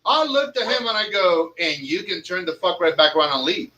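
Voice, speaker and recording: A man's voice: high-pitched, sing-song, brisk, pushed and bright, dull audio, a little hiss or hum. A man who owns a cigar lounge, telling stories in a profane, emphatic podcast rant. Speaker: cigar lounge owner and tobacconist.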